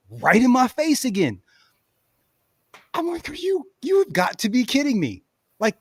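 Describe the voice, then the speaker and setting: High-voiced man telling a story. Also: no echo, clean studio sound. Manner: animated, laughs often, says "bro" and "you know what I'm saying". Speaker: podcast host. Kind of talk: casual storytelling chat.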